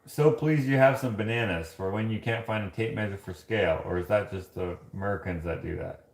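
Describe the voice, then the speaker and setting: A man's voice: on the low side, fairly quick, echoey room. A man hosting a casual live stream, chatting and joking with viewers while he does the dishes in his kitchen. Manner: chatty, joking, laughs often. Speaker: livestream host reading chat. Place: home kitchen.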